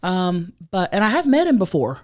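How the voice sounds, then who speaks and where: A woman in her thirties co-hosting a podcast, telling stories in an animated, casual way, swearing freely and acting out what other people said. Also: lowish voice, normal speed. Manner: animated storyteller who swears freely and acts out quoted voices. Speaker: podcast co-host.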